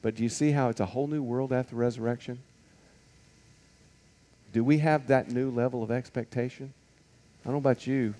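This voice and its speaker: A man's voice: medium pitch, fairly even intonation, a little fast, pauses often, dark tone. A man teaching a Bible lesson to a group in a conversational way, asking many rhetorical questions and stopping on fillers.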